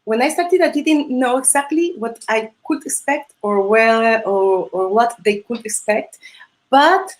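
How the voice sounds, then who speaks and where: A woman's voice: a little high, a little slow. A Spanish woman, a Spanish teacher and holiday host, chatting in English with a Spanish accent as a non-native speaker, hesitant with many fillers and restarts and frequent laughs. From Spain. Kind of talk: casual interview chat. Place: video call or live stream.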